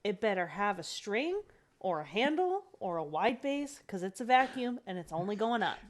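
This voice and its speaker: A woman who works as a nurse, telling a hospital story in casual chat with a wry, deadpan manner. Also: medium pitch, moderate pace, slight background noise. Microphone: shared headphones, off-mic at times.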